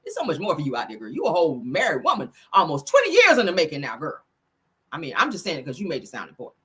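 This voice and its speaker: A woman's voice: deep voice, wildly swooping pitch, rapid-fire, fairly bright tone, husky. A woman hosting a casual celebrity gossip livestream, sassy and profane, laughing often and talking straight to her viewers.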